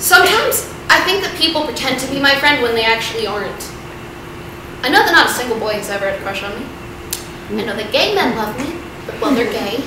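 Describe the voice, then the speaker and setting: A woman's voice: on the high side, recorded from a distance. A teenage girl performing a confessional one-woman stage show, swinging between jokes and tearful apology. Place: theater stage. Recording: echoey theater with room noise.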